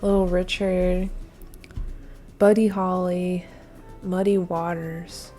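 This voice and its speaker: A woman's voice: fairly low pitch, little pitch movement, slow pace, mellow, soft background music. A woman thinking aloud while taking a timed trivia quiz, flustered and muttering, with many hesitations. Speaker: quiz video creator.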